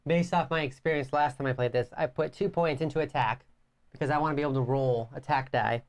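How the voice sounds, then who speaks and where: A woman's voice: extremely low pitch, fast, a little mellow. A woman co-hosting a board game playthrough, reading the story text aloud with a playful, dramatic read. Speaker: co-host and story narrator.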